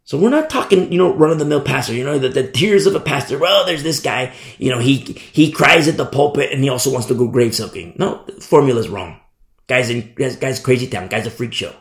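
A middle-aged man delivers a sermon with an animated, repetitive style and frequent asides. His voice is gravelly and sits at an average pitch. The room around him has a noticeable echo. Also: brisk. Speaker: pastor.

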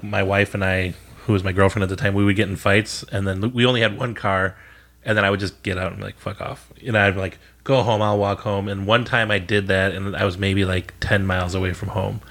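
Laid-back man with a lower voice. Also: a bit bright. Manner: blunt, profane, laid-back. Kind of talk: casual chat.

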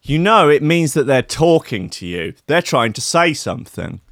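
A man's voice: on the high side, big pitch swings, moderate pace, fairly bright tone, no room sound, studio quality, pitched above the performer's own voice. A man voicing an eccentric middle-aged woman who insists she can talk to animals, raising his voice to sound earnest. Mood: insistent.

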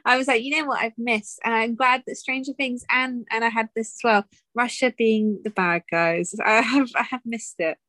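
A woman's voice: on the high side, moderate pace, few pauses, bright, forceful tone, no room sound. A woman co-hosting a podcast, chatting casually about a film, teasing and laughing often. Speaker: podcast co-host. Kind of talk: casual film review chat.

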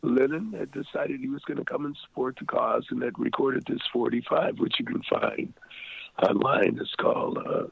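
A man's voice: medium pitch, moderate pace, vocal fry, husky, no room sound. An older man telling a rambling story as an interview guest, with many fillers and restarts. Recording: phone-like lo-fi line.

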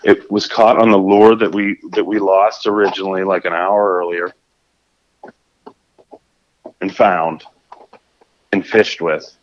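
A man telling a fishing story in a casual, animated way, often restarting his sentences. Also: deep voice, slow, pauses often, highs cut off, a little hiss or hum. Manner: animated, acts out his own shouts and scrambles with restarts.

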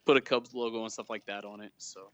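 Bright-voiced man telling stories. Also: lowish voice, fast, no echo, lo-fi sound. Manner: storytelling, animated retelling of quotes. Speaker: guest, fan club leader. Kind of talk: casual podcast chat.

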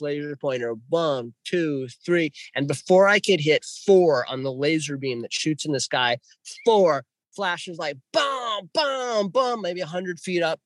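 A man guest telling a story in an excitable way, swinging between hushed and loud. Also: on the high side, no room sound. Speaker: podcast guest. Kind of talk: animated storytelling.

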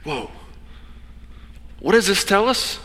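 A man preaching a sermon as pastor, telling the story with lively asides and acting out the people in it. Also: mid-range voice, in a large hall. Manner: animated storytelling, acting out characters in quick asides.

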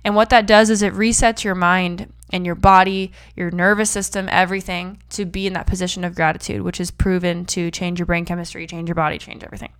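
A woman's voice: on the low side, flat delivery, brisk, few pauses, a bit bright, clean tone. A young woman hosting a faith-based motivational podcast, chatty and upbeat with preacher-like emphasis. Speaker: podcast host.

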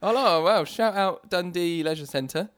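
A man's voice: sits high, a little slow, fairly bright tone, smooth, no echo, clean studio sound. A man co-hosting a casual podcast, rambling and giggly, with lots of fillers and restarts. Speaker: podcast co-host.

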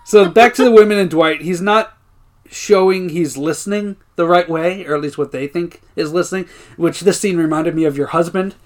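A man's voice: high-pitched, moderate pace. A man co-hosting a podcast, recapping TV episodes in casual chat, often laughing and acting out lines. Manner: animated, laughing, acts out characters' lines. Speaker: podcast co-host.

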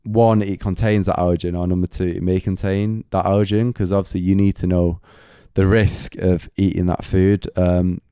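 A man's voice: sits low, flat delivery, moderate pace, few pauses, warm tone, smooth, no echo, clean studio sound. A man hosting a solo Q&A podcast late at night, his voice going a bit, rambling with lots of filler words like "kind of" and "like". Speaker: podcast host.

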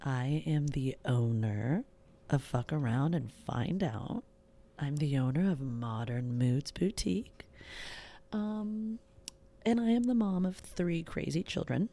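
Female podcast host, thirties, low gravelly voice, bubbly and self-mocking, casual rambling solo chat. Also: takes it slowly, dark tone. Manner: giggly, bubbly, self-mocking, drawling filler-heavy talk. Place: home recording setup in Wisconsin.

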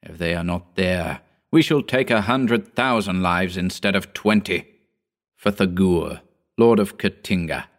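A man's voice: low-pitched, measured pace. A man reading a story aloud, voicing the formal decree of a cold alien overlord. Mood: commanding. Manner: commanding, coldly formal decree.

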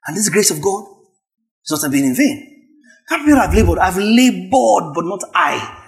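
A man preaching a sermon, emphatic and repetitive, rising to shouts at his peaks. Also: high-pitched, very animated, normal speed, vocal fry. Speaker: pastor.

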